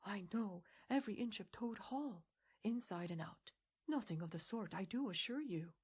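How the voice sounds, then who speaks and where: A woman voicing a spoiled, boastful young male toad who talks airily and excitably. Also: mid-range voice, moderate pace, husky. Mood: excitable. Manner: airy, excitable, self-pitying.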